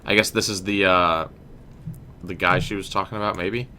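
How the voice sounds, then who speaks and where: A man's voice: low-pitched, fairly even intonation, normal speed, sharp tone, a little hiss or hum. A young man casually commenting while playing a game, chatting with viewers and joking. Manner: chatty, addresses chat as guys, slangy. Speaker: game streamer. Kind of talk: casual let's-play commentary.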